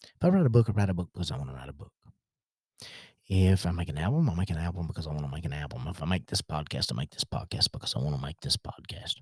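A man's voice: extremely low pitch, animated, fast talker, slightly rough, no room sound, clean studio sound. A man with a rural American country accent, hosting a podcast monologue in a frank, rambling way with many restarts. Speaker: podcast host.

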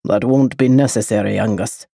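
A woman voicing a menacing, brooding Scottish man with a deep, dark, growled voice. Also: normal speed, creaky, husky, dry recording, studio quality, heavily acted. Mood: cold dismissal. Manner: low, threatening delivery.

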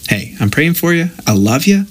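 A man's voice: a little high, big pitch swings, normal speed, a little hiss or hum. Earnest man leading a devotional. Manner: earnest and conversational, with frank asides. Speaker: devotional leader. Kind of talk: informal daily devotional talk.

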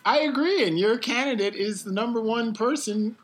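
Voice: medium pitch, normal speed. A co-host of a round-table podcast who teases the others and steers the talk back on track. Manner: teasing, animated, steers the talk. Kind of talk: casual round-table chat.

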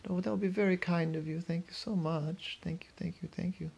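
A man's voice: sits high, steady tone, brisk, creaky, a little mellow, slightly rough, pitched above the performer's own voice, exaggerated voice. A man voicing a small, worried, sleepy butterfly that frets and repeats itself. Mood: grateful. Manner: fretful, repeats itself anxiously.

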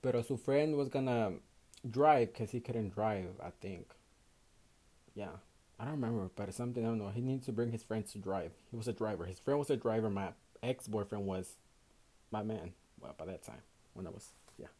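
His voice is fairly low and dark, at a moderate pace: a young adult from Houston, Texas, hosting a casual solo podcast. He has a Mexican Spanish accent, is worn out after a night shift, swears freely, and switches between English and Spanish.

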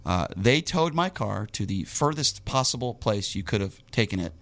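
Guy ranting through a story, gets loud and jumpy, casual chat. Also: on the low side, normal speed. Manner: animated, indignant storyteller, rising to bursts. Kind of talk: casual storytelling on a talk show. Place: Las Vegas local.

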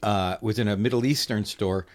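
A man's voice: fairly low pitch, fairly even intonation, moderate pace. A man co-hosting a casual podcast, rambling and joking, often correcting himself. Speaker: podcast co-host. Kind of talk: casual chat.

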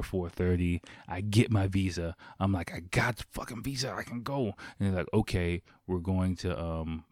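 A man's voice: low voice, a little mellow, no echo, studio quality. A young man casually telling a story, rambling, swearing freely and leaning on fillers.

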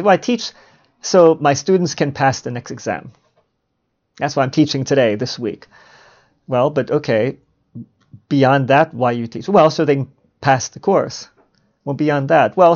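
Musing through a reflective solo podcast, a middle-aged host poses rhetorical questions and then answers them himself. He speaks at a medium pitch with vocal fry and a slightly mellow quality, captured on a muffled lo-fi recording.

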